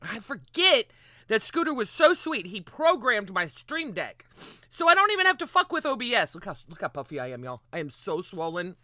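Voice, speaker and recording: A woman hosting a livestream in casual, rambling chat, excitable and often swearing. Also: medium pitch, fairly quick, dry recording, studio quality. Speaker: livestream host.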